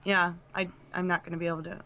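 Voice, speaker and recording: A woman guest on a podcast, talking about running a convention in a chatty, upbeat way. Her voice sits a little low but sounds bright and forceful. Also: little pitch movement, fast talker. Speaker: convention event director, guest. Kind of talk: casual chat.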